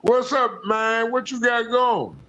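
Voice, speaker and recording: A man's voice: very high voice, slow. Young man ranting on an echoey stream. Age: young adult. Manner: animated ranting storyteller, slangy. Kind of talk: casual livestream chat. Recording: echoey, dull lo-fi audio.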